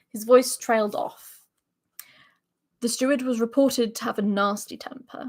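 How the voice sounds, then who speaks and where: A woman's voice: mid-range voice, steady tone, a little slow. A woman co-hosting a casual stream, chatting loosely with lots of fillers and reading a story aloud. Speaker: co-host.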